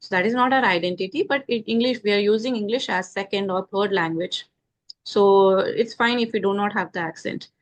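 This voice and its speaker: Confident Indian woman. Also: medium pitch. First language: Indian mother tongue. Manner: confident, measured, opinionated. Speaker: guest English speaker. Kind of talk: casual conversation.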